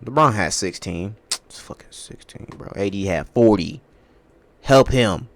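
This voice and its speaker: A young man hosting a casual sports podcast on his own, talking in a loose, profane way that swings between loud outbursts and low muttering. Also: animated, a little slow. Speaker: podcast host. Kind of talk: casual sports talk monologue.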